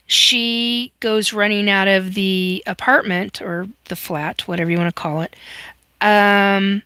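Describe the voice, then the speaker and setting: A woman hosts a live stream and speaks slowly, taking her time. Her voice is bright and forward, and the sound is close and dry. She tells her story earnestly and emphatically and keeps restarting her sentences. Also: mid-range voice, clear, resonant tone, dry recording. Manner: occasional mild swearing. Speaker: host. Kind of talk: casual live-stream chat.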